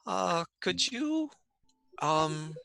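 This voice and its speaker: A man playing a tabletop game, speaking politely and haltingly in character. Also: sits high, big pitch swings, creaky, pushed and bright, dry recording, faint music behind. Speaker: player. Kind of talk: casual tabletop role-play.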